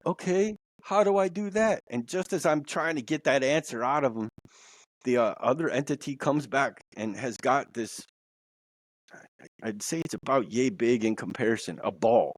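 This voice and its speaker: A man's voice: medium pitch, moderate pace, dry recording. A man telling a personal story as a podcast guest, rambling and repeating words as he goes. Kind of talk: casual storytelling. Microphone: podcast mic.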